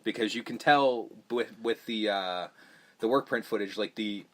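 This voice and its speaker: A man's voice: fairly low pitch, normal speed. Profane rambling man reviewing a movie. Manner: profane, rambling, animated when mocking scenes. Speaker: podcast host. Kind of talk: casual movie review chat.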